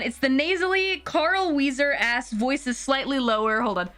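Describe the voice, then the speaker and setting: A woman streaming a game, chatting casually, animated, swearing and laughing often. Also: a little high, normal speed, hardly any pauses, faint music behind. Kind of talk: casual gameplay stream commentary.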